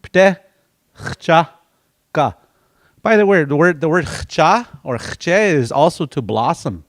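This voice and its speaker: A man's voice: a little high, big pitch swings, normal speed. A man teaching a language class, patiently repeating words and breaking them into syllables for his students.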